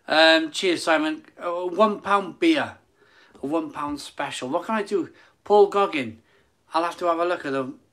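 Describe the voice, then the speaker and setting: A man hosting a casual live stream from his phone, repeating phrases and stumbling over words. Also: fairly high pitch. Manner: excited hyping, then soft and emotional.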